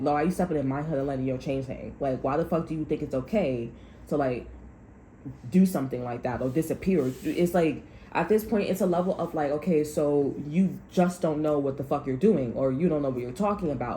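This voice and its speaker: A woman's voice: deep voice, fairly quick, mellow. A woman giving a rambling, profane, heated tarot reading in a casual monologue. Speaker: tarot reader. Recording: echoey room, faint background noise.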